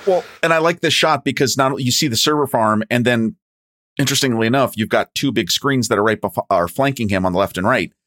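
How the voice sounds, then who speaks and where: Mid-pitched man, descriptive co-host, eager scene-painting, dry close recording. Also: a little fast, fairly bright tone, dry recording. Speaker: podcast co-host. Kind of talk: casual movie commentary chat.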